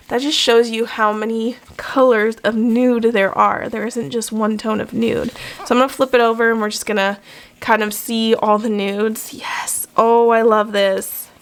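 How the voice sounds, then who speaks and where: A young adult woman, a nail artist, chatting casually and gushing with enthusiasm as she unboxes nail design cards. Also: a little high. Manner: gushing, enthusiastic, many fillers.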